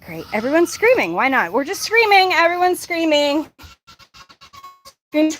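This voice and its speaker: High, lively woman chatting to goats. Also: a little slow, soft background music. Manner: chatty, coaxing, talks to animals in a sing-song voice. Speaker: farm vlogger. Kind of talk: casual talk to farm animals. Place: outdoors on a farm. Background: goats bleating.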